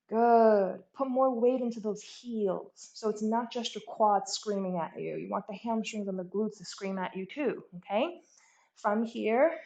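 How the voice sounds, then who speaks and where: A woman's voice: mid-range voice, darkish tone. Roomy-sounding woman guiding yoga. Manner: encouraging, frequent "okay?" check-ins. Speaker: yoga teacher. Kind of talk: guided yoga instruction. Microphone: earbud mic. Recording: roomy echo.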